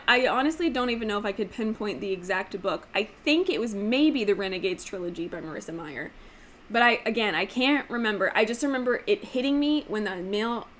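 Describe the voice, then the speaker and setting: A woman hosting a casual book vlog, talking emphatically with lots of "like" fillers and sometimes showing off voices with sudden jumps in pitch. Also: fairly bright tone, slight background noise. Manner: chatty, emphatic, frequent "like" fillers. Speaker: book channel host.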